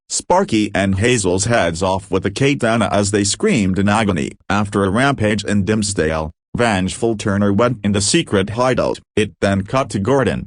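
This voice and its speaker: A man reading a fan-made horror story aloud in a flat, even way. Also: fairly low pitch, no room sound, studio quality. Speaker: narrator.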